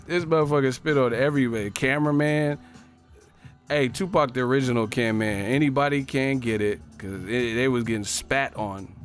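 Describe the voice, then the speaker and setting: A man on a profane, animated comedic rant, laughing often as he talks. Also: medium pitch.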